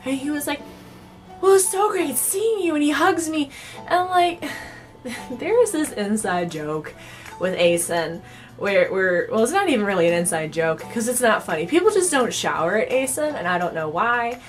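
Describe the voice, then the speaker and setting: A woman's voice: on the high side, expressive, moderate pace, faint music behind. Chatty young woman telling a storytime. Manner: chatty, filler-heavy with frequent "like". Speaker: cosplay vlogger. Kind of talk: casual storytime.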